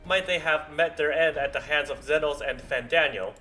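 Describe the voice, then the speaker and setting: A man streaming a game, reading its dialogue aloud in a halting way and stopping often to correct himself. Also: a little high, sharp tone, faint music behind. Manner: halting read-aloud with frequent stumbles and self-corrections.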